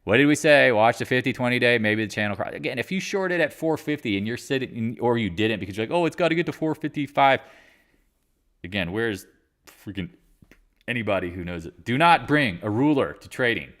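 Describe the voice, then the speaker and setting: A man's voice: mid-range voice, lively intonation, brisk, a bit bright. A man in his forties from North Carolina hosting a casual live market chat, blunt and swearing, often trailing off and restarting. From Raleigh, North Carolina.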